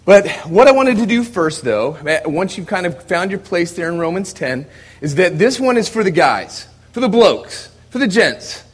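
An American man, a visiting missionary, preaching a sermon to a congregation in a conversational storytelling way, moving from quiet asides to loud emphatic passages. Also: high voice, sing-song, moderate pace, breathy edge. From United States. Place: church service before a congregation.

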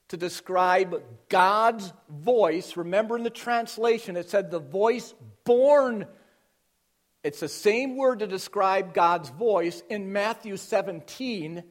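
High-voiced man preaching an emphatic sermon. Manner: emphatic teaching, shifting from loud stresses to quiet intensity. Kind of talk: expository sermon.

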